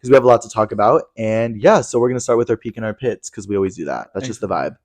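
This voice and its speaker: Young male co-host, rapid, lively, profane chat. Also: on the low side. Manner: fast, animated, swears a lot, acts out quotes. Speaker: podcast co-host. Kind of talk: casual chat.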